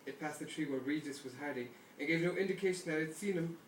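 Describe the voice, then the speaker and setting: There's a little hiss or hum as a man with a slightly high voice reads a novel to friends at a quick pace. He's casual and amused, often laughing, and the echoey indoor space of the lakeside cabin comes through on a far-off mic.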